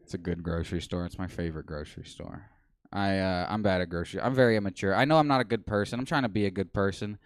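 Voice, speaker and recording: A man in his twenties doing a deadpan, self-mocking stand-up set on a small comedy stage. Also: low voice, fast talker, no room sound, clean studio sound. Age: 20s.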